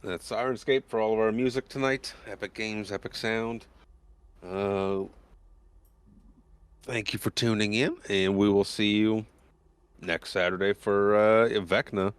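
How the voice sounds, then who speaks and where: A man's voice: fairly low pitch, fairly even intonation, clean tone, dry recording. A man running a tabletop game as game master, talking casually with lots of fillers as he wraps up the session. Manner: laid-back, filler-heavy, unhurried.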